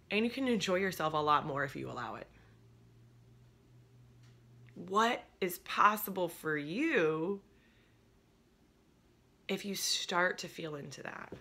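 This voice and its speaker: A woman's voice: fairly low pitch, bright, forceful tone. A woman coaching creative business owners in a chatty, upbeat way, laughing easily and now and then dropping to a near whisper. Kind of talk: casual direct-to-camera coaching talk.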